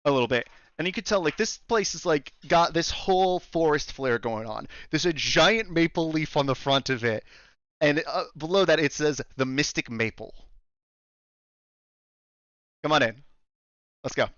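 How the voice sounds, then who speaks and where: A man's voice: fairly high pitch, animated, normal speed, fairly bright tone, no echo, dull audio. A young man running a tabletop game as game master, narrating in a rambling way with fillers.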